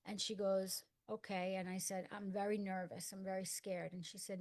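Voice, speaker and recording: A middle-aged woman telling a personal story in conversation, acting out the dialogue and dropping to a hush for quoted lines. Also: medium pitch, level tone, moderate pace, few pauses. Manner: earnest storyteller acting out dialogue in hushed tones. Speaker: guest.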